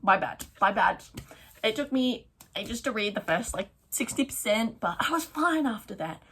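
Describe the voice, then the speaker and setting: A young woman chatting excitedly about her month of reading on her book vlog, with lots of fillers. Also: on the high side, normal speed, a little hiss or hum. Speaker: book vlogger. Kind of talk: casual reading wrap-up chat. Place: at home, neighbour's garden noise outside.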